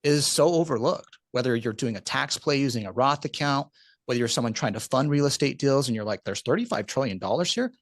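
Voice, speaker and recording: A man with a middle-pitched voice tells a story in an animated, conversational way. His emphasis climbs as the story builds. The recording is dry and close, with almost no room sound. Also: fairly quick, no echo. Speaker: podcast guest, retirement account specialist.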